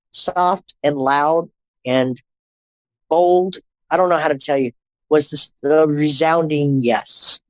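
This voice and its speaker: A middle-aged woman with a deep voice appears as a podcast guest, animatedly telling her personal story. She acts out the dialogue and repeats phrases for emphasis, and the audio is dry and poor.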